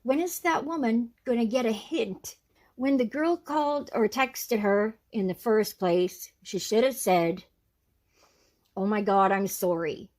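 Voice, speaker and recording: A woman's voice: on the high side, measured pace, a little mellow. A woman hosting her channel, giving casual, indignant commentary. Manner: indignant, scolding. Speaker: channel host.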